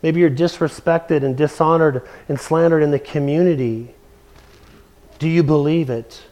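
Male preacher, fairly high voice, emphatic sermon delivery, leans on repeated key phrases. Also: moderate pace, darkish tone, muffled recording. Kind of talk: expository sermon.

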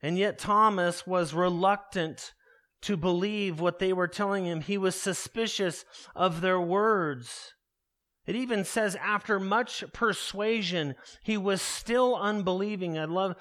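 Guy with a high voice preaching earnestly, keeps saying beloved. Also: fairly bright tone. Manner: earnest expository preaching, addresses listeners as beloved. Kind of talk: sermon.

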